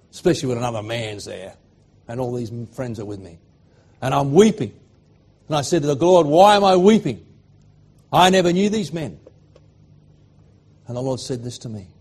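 Australian man, middle-aged preacher, husky voice, fervent then hushed sermon delivery. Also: medium pitch. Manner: swings from loud fervent declarations to hushed emotional storytelling.

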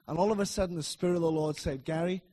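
A middle-aged man preaching a sermon in a church, emphatic and repetitive, swinging between loud declarations and soft asides. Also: high voice, racing, breathy edge.

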